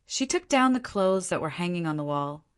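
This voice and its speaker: A woman narrating a fantasy novel audiobook in a steady, even reading voice. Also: lowish voice, moderate pace, clear, resonant tone. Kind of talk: scripted narration.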